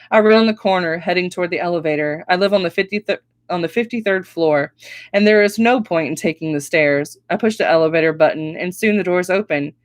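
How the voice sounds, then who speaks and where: Woman reading her novel aloud, lowish voice. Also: dry recording. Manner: expressive first-person storytelling. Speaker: author reading her book.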